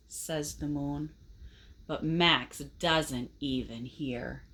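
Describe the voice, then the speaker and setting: A woman reading a picture book aloud to children in an expressive way, pausing to ask the listeners questions. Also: low voice.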